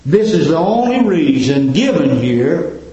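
A male preacher delivering a fervent sermon, climbing loud and then dropping to a hush. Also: very animated, unhurried. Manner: fervent, swinging between loud climbs and low hushed drops. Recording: very echoey, dull lo-fi church recording.

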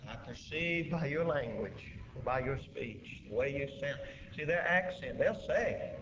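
With a voice on the high side, a pastor delivers an animated, slightly slow sermon, alternating loud emphatic peaks with quiet dips. It's captured lo-fi in an echoey church with faint hiss.

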